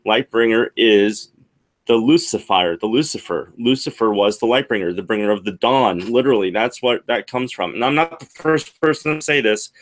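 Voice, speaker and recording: A man's voice: mid-range voice, a little fast, hardly any pauses. A man co-hosting a livestream discussion, talking with animation and asking rhetorical questions. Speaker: co-host.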